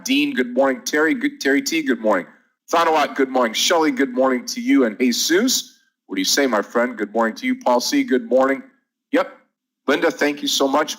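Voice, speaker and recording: A man's voice: medium pitch, fairly bright tone, low-quality recording. Upbeat man hosting a trading stream. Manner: upbeat, greets viewers one by one. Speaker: day trading room host. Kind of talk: live market commentary.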